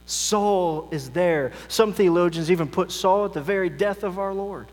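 A male pastor delivering a sermon, swinging between loud emphasis and quiet, soft asides. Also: sits high, moderate pace. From United States. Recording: long reverb, mains hum.

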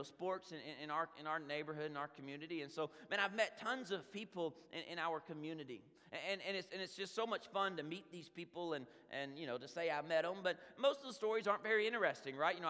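A middle-aged man preaching a conversational sermon as a pastor, telling stories with animated energy and many asides. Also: on the high side. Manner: animated storytelling with frequent "man" and restarts. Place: church sanctuary. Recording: long hall reverb in a church.

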